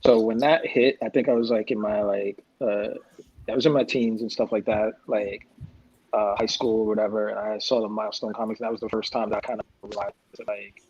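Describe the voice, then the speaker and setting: A man in his forties, guesting as a comics creator on a livestream panel, speaks in a lowish, slightly rough voice at a somewhat fast clip. In this casual chat he tells animated stories and acts out the lines he quotes, with video-call mic sound and lo-fi livestream audio.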